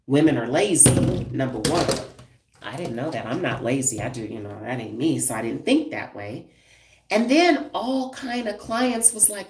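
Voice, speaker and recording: A low-pitched woman in her fifties talks bluntly and with emphasis straight to her viewers, like a stylist chatting on a live stream. Her voice sounds roomy and echoey, picked up from some distance from the mic. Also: normal speed, heavy background noise. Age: 50s. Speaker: hairstylist and brand owner. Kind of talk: live-stream casual talk.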